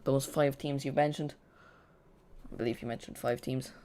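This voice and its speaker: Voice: mid-range voice, steady tone, normal speed, warm tone. A watch-along host giving casual live football chat, rambling and correcting themself, with dry sarcastic asides.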